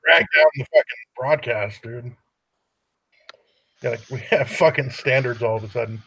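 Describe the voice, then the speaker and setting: A man's voice: mid-range voice, normal speed, gravelly, bright, forceful tone, slightly rough, dry recording, rough recording. A man on a livestream, throwing in profane, laughing asides to his friends. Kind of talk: casual livestream chat.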